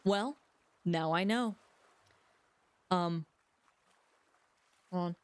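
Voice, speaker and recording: A woman's voice: on the low side, extremely slow, clean tone, no room sound. Rambling, joking woman streamer. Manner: rambling, joking, talks to chat. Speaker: livestreamer. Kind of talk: casual stream chat. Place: home room.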